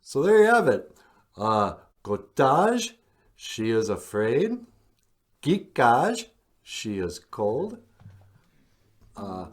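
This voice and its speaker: A man hosting a podcast, teaching vocabulary in a relaxed, encouraging way and gently prompting his partner. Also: medium pitch, very slow, pauses often, faint music behind. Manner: encouraging, calls partner sweetie. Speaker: podcast host teaching words. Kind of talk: language lesson, casual.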